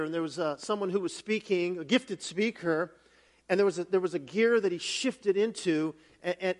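A man preaching a sermon with a strikingly high voice. He tells his story in a lively, animated way, stumbling through restarts and fillers as he goes. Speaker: pastor.

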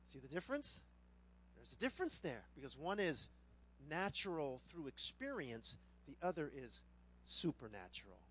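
A middle-aged male pastor preaching, his voice sitting high and swinging widely up and down. He slips into humorous storytelling and puts on voices for the people in his tales. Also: big pitch swings, moderate pace, fairly bright tone, slight background noise. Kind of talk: sermon with a personal anecdote.

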